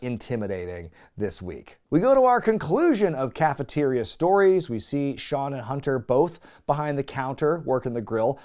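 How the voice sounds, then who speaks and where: A man hosting a comedic recap show, sarcastic and swearing freely, laughing often as he gets excited. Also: mid-range voice. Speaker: host.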